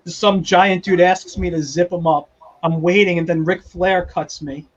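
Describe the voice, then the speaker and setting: A man's voice: high-pitched, unhurried, highs cut off. A man in his forties, a guest artist, telling a story in casual chat and acting out the people in it. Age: 40s. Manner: animated, acts out quoted voices.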